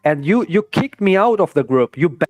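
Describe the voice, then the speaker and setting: A man's voice: on the high side, animated, normal speed, no echo. A man in a casual live chat, speaking hesitantly and repeating words. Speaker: participant.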